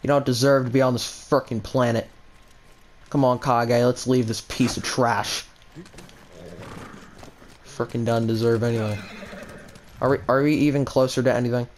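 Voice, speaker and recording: A young man commenting on his own gameplay, excitable and full of mild stand-in swears as he trash-talks enemies. His voice sits at a middle pitch, with a faint hiss of noise behind it. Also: normal speed, pauses often. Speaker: gaming channel host.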